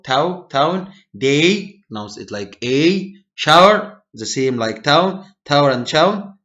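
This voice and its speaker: Man, English teacher, slow and careful, muffled lo-fi sound. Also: mid-range voice, a bit bright. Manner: slow, deliberate, stressing single words. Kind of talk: English reading lesson. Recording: dull lo-fi recording.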